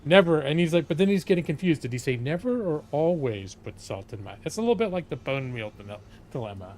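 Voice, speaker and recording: A man's voice: on the high side, sing-song, quick pace, a little mellow, a little hiss or hum. A man streaming a video game and chatting in a digressive way, filling his talk with fillers while he retells old comedy sketches. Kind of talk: rambling gameplay commentary on a live stream.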